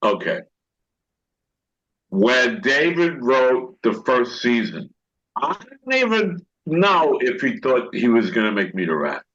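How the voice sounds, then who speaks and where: A man's voice: medium pitch, big pitch swings, slow, a bit bright. Older guy telling long stories, keeps restarting, dull lo-fi sound. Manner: rambling anecdotes, acts out others' lines, restarts. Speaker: actor guest. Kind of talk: storytelling interview talk. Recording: dull lo-fi recording.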